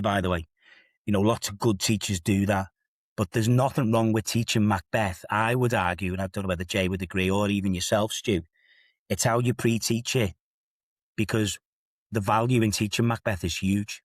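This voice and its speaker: A man's voice: on the low side, steady tone, brisk, no echo, studio quality. A man in his fifties with a Liverpool accent, an assistant head teacher telling stories with emphatic, rhetorical asides in a podcast discussion. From England.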